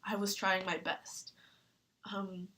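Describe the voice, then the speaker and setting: A young woman talking earnestly in a personal vlog, halting with fillers and close to tears. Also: mid-range voice, flat delivery, pushed and bright, a little hiss or hum. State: tearful. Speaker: vlogger.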